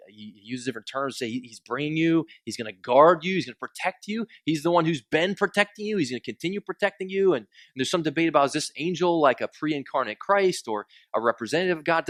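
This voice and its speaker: Male pastor, casual joking sermon delivery, slightly higher voice, dry close sound. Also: no echo. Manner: conversational, joking with congregation, acts out quoted complaints.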